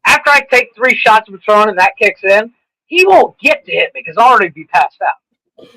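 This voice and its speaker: Male podcast co-host, high and bright voice, laughing, joking banter. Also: animated, brisk, no room sound, rough recording.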